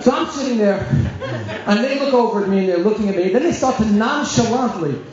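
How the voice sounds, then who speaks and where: A middle-aged man, a rabbi telling animated stories to an audience and acting out voices. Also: high voice, a little fast, crowd noise. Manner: animated storyteller, acts out voices and shouts. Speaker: rabbi giving a talk. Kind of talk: storytelling talk to an audience. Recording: dull lo-fi sound in a very echoey hall.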